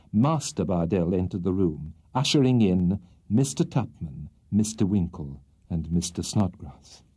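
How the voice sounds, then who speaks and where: A man narrating a classic novel for a children's audiobook in an expressive, lilting storytelling manner. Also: on the low side, slightly rough, no echo. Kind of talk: classic novel read aloud.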